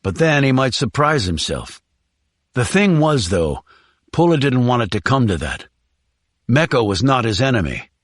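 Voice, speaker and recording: A male narrator reads an audiobook steadily and evenly, in a storytelling manner. The mid-range voice comes through in a dry, clean studio recording.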